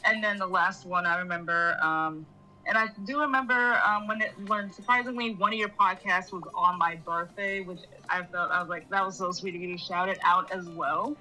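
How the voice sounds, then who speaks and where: A woman's voice: on the low side, normal speed, bright, forceful tone, faint music behind, rough recording. A woman co-host chatting casually on a podcast, rambling through her memories with lots of fillers.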